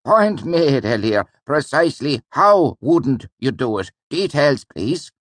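A man's voice: medium pitch, sing-song, slow pace, dry recording, voice pushed up. A man voicing a dry, teasing older male teacher who quizzes his student in an audiobook. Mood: wry. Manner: wry, questioning, patient. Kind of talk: audiobook character voice.

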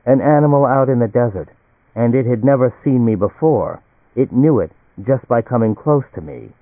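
A man's voice: medium pitch, lively intonation, normal speed, no room sound. A man doing a curt, grim colonist. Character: grim, withdrawn male colonist. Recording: dry, tinny phone-like audio.

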